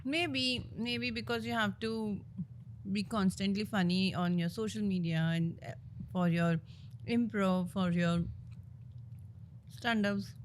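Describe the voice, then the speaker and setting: A woman's voice: medium pitch, slow pace, background noise. A woman hosting an interview, asking loose, searching questions. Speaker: podcast host. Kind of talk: casual interview chat.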